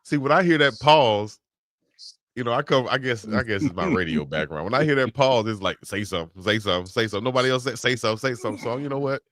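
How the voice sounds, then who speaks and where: A man's voice: mid-range voice, animated, fast, fairly bright tone, dry recording, studio quality. A man co-hosting a casual sports talk show, joking and trading banter with his co-hosts. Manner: joking, trash-talking banter. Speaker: co-host.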